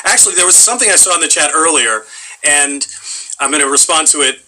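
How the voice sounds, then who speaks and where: A man's voice: a little high, lively intonation, quick pace, pushed and bright, low-quality recording. A middle-aged male voice actor in casual interview chat, a wry, self-deprecating storyteller.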